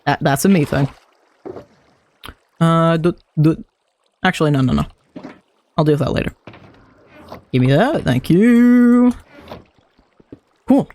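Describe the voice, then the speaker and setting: A streamer talks through a game in a slow, unhurried way, thinking aloud and muttering to themself. The voice sits at a middling pitch, and the commentary is loose and casual. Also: expressive, a little mellow, slight background noise.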